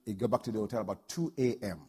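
A man preaching a sermon, telling a story and building to loud, fervent peaks. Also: lowish voice, rapid-fire, husky. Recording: long hall reverb.

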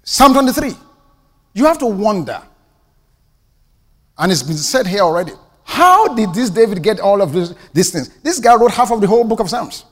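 A man with a Nigerian accent preaching a sermon with passion, dropping to hushed asides and rising to ringing declarations. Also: high-pitched, very animated, moderate pace. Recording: long hall reverb.

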